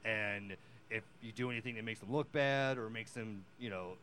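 A man co-hosting a podcast in casual chat. He talks loudly and rambles, with many fillers and restarts. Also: lowish voice, normal speed, a little hiss or hum. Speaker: podcast co-host.

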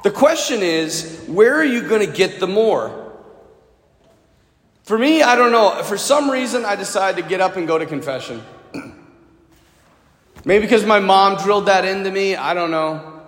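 High-voiced priest telling a story in an echoing church. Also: male voice, expressive, a little slow, pauses often. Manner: personal storytelling, asks the congregation questions directly. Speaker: Catholic priest. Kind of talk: sermon. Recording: echoey hall with long reverb.

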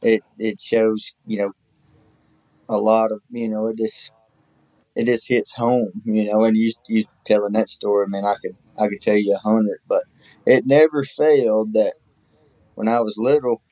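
A man's voice: fairly low pitch, level tone, moderate pace, a little mellow, dry recording, rough recording. Folksy man telling hunting stories. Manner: rambling, folksy storyteller with many fillers. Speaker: guest, hunting show host. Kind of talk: casual storytelling chat.

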